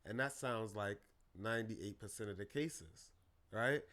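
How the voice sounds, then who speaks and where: A man talking as a therapist guest on a podcast, animated and acting out his clients' voices. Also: lowish voice, measured pace. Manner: animated, acts out clients' voices, calls listeners brother. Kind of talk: podcast conversation.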